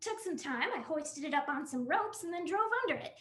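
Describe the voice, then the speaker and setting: A woman's voice: high voice, animated, a little fast, fairly bright tone. Woman reading as a gushing, wild wife. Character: wild, artistic wife of a small-town constable. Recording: roomy echo.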